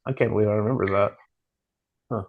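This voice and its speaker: A man's voice: fairly low pitch, steady tone, quick pace, narrow, tinny audio. A man co-hosting a casual early-morning podcast, mostly giving short reactions and nudging advice. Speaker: podcast co-host.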